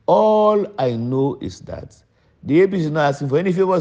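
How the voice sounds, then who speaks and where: A man's voice: animated, a little fast, mellow. Emphatic older Sierra Leonean man. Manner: emphatic, repeats points with sudden pitch jumps. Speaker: politician. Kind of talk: public address mixing English and Krio. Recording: dull lo-fi recording.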